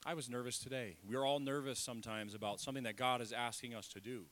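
A middle-aged man preaching a sermon in a church, lively and self-deprecating, leading the congregation in call-and-response. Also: mid-range voice, fast talker, few pauses. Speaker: pastor. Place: church sanctuary.

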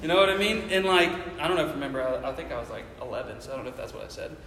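A man's voice: mid-range voice, animated, very fast, fairly bright tone. A man in his thirties from the Cincinnati area tells a personal story to a live audience in a casual, chatty way, often checking in with the crowd. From Ohio, near Cincinnati. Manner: casual, chatty, keeps asking the audience "you know what I mean?". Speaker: speaker addressing an audience. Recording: echoey hall with faint noise.

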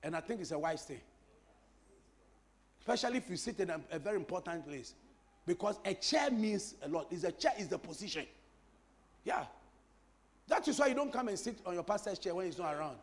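A man preaching from the pulpit in a very high voice that leaps up and down with lively energy. He repeats phrases for emphasis and jokes with his congregation as he goes. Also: fairly quick, pauses often. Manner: animated preaching with repetition and crowd-teasing humor. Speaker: pastor. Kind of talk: sermon.

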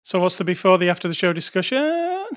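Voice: medium pitch, big pitch swings, quick pace, fairly bright tone. A podcast co-host in a casual movie review chat, talking with dry, wry teasing.

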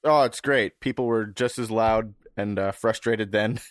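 A man's voice: on the low side, unhurried, no room sound, studio quality. A man co-hosting a podcast, chatting casually and teasing his co-host, laughing often. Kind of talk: casual chat.

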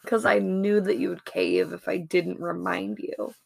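Gravelly-voiced woman in casual chat. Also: on the low side, little pitch movement, unhurried, no echo, studio quality. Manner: chatty storytelling with laughs. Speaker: podcast co-host.

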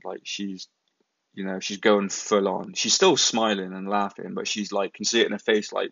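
Young male storyteller, low gravelly voice, casual and sweary, dry close-mic sound with a muffled edge. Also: steady tone, moderate pace, a bit bright, no echo. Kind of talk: casual anecdote.

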